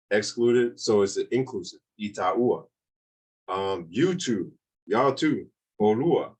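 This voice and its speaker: A man's voice: on the low side, low-quality recording. A man teaching a beginners' language class online, explaining grammar in a casual way, often repeating points and checking in with "okay?".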